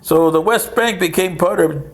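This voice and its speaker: A man's voice: sits high, normal speed. A man, older, giving a rambling history monologue with sarcastic, mocking asides.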